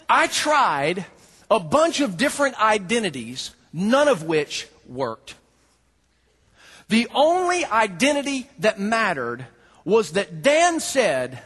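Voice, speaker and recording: A man's voice: high voice, husky. A man preaching a sermon, telling a funny personal story with lots of laughter and acted-out dialogue before turning to scripture. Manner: animated storyteller, laughing often, acting out dialogue. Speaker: pastor.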